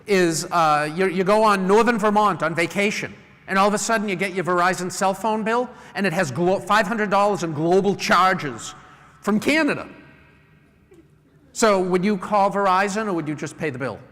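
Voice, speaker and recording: A middle-aged man from New England giving a live conference talk, a lively storyteller who acts out customer phone calls. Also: high-pitched, a little fast. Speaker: conference speaker. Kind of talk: live presentation to an audience. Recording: long hall reverb.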